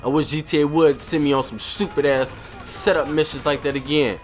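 Profane, excitable man narrating gameplay. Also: fairly high pitch, fairly quick, hardly any pauses, soft background music. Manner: profane, excitable trash talk. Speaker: gaming channel host. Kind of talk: casual gameplay commentary.

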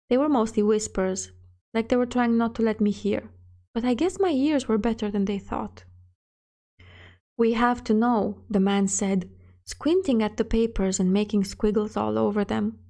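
A woman's voice: mid-range voice, mellow. A woman narrating a scary short story in the first person of a child, with a plain storytelling manner. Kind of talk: scripted horror story narration.

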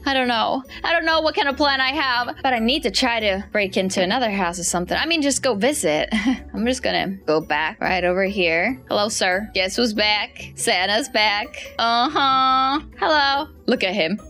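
A woman with a bright, slightly high voice chats and giggles through a let's-play. Her commentary is playful and chatty. Faint music plays behind her. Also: normal speed. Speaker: gaming YouTuber.

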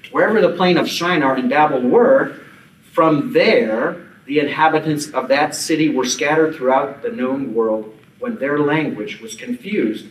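A man giving an archaeology conference lecture, mixing academic points with informal asides and dry jokes. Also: medium pitch. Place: conference hall. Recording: echoey hall, mic at a distance.

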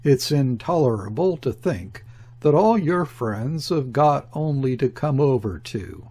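Contemptuous foreign diplomat guy, airy and brutal, slow and raspy, as a narrator reads him. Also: mid-range voice, expressive, mellow. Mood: scornful. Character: scornful foreign diplomat, male, middle-aged. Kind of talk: audiobook character reading.

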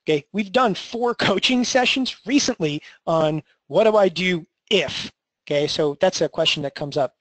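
Energetic male webinar host, high voice, dry close mic, salesy and chatty. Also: normal speed, no echo, low-quality recording. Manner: energetic, salesy, tags lines with "okay?". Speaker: trading educator hosting a webinar.

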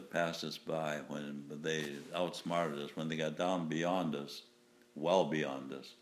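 Older male veteran, very low voice, halting storyteller, faint room ambience. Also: slight background noise. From United States. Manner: halting, with restarts and chuckles. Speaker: WW2 veteran interviewee. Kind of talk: recounting war memories.

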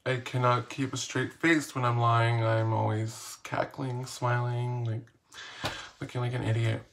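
A man's voice: medium pitch, flat delivery, unhurried, creaky, fairly bright tone, a little hiss or hum. A man casually reading questions aloud and answering them in a playful, slangy, self-mocking vlog. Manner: reads each question aloud, then answers. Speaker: vlogger.

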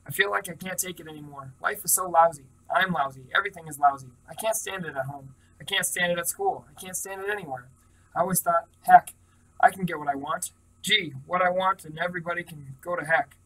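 A man's voice: on the high side, a little fast, fairly bright tone, recorded from a distance, poor audio. A man reading the lines of a drunk, bitter teenage girl in a story, in his own plain voice. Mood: despairing.

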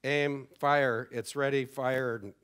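A man's voice: medium pitch, steady tone, slow, a bit bright, smooth. A middle-aged man telling a story to a conference audience, acting out the exchanges he quotes. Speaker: conference speaker. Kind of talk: conference talk. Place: conference hall.

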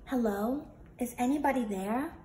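A woman's voice: fairly high pitch, mellow, close to an everyday voice. A woman voicing an anxious little male toy poodle puppy who asks nervous questions in a rush, in a storybook reading. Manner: nervous, rapid-fire questions. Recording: roomy with faint noise.

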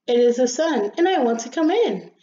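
A woman voicing the sun as a soft, cheery, eager little voice that pleads to come in. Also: fairly high pitch, very animated, moderate pace, reverberant, slight background noise. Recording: slightly dull lo-fi recording.

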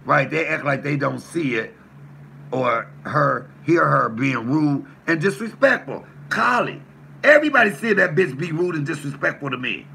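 Gravelly, bright-voiced man ranting on stream. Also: fairly high pitch, expressive, moderate pace, a little hiss or hum. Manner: profane, confrontational, emphatic. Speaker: YouTube livestream host. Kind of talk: heated livestream rant reading chat.

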